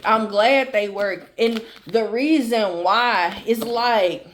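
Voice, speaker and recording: A woman's voice: fairly high pitch, a little hiss or hum. A woman giving a tarot reading to her viewers, blunt and emphatic, swearing freely and repeating phrases for emphasis. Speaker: tarot reader. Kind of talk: channel tarot reading, casual and direct to viewers.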